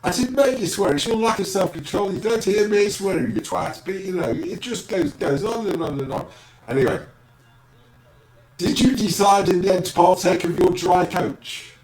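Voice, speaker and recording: A man's voice: high-pitched, animated, normal speed, roomy sound, over music, low-quality recording. A man hosting a casual football podcast, teasing his co-host with dry asides.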